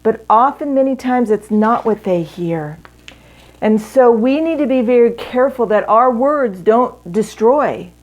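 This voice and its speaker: Slow, earnest woman teaching a marriage class. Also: a little high, darkish tone. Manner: earnest, instructive, with pauses. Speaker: marriage seminar speaker. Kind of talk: teaching talk to women.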